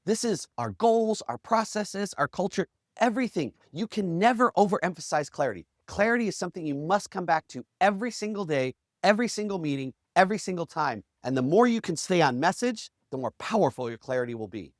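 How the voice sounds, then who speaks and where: Animated male podcast host, dry close mic. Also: sits high, fairly quick, no room sound. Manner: animated, acts out quotes in character voices. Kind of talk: motivational storytelling talk.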